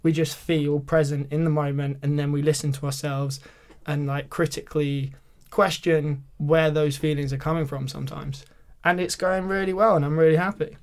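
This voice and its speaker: Chatty young British man, slightly high voice. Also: level tone, moderate pace, hardly any pauses, darkish tone. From Britain. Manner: chatty storyteller, lots of filler words. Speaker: podcast guest. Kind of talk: casual chat.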